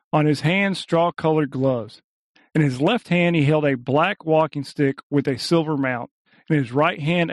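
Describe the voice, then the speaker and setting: Male audiobook narrator, steady reading, slightly high voice. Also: no room sound, clean studio sound.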